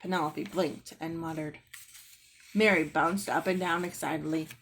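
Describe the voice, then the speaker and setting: A woman reading a children's book aloud in a gentle storytelling manner. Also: low voice, steady tone, moderate pace. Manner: gentle storytelling, clears throat now and then. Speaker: reader.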